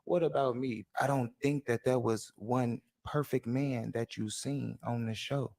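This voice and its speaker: A man's voice: mid-range voice, fairly even intonation, a little slow, creaky, a little mellow. A man speaking as a show guest in a heated confrontation, aggrieved and stumbling over restarts.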